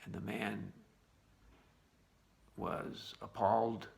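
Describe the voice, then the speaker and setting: A man teaching a Bible lesson by retelling a midrash in an unhurried, conversational storytelling manner. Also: lowish voice, little pitch movement, vocal fry, a little mellow.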